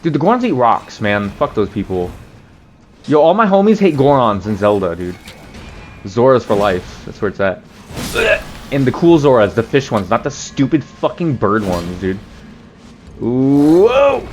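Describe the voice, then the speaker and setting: Lively, low-voiced man cursing through gameplay. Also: moderate pace, faint music behind. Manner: profane, joking, laughs often. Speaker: let's play host. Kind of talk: casual gameplay commentary.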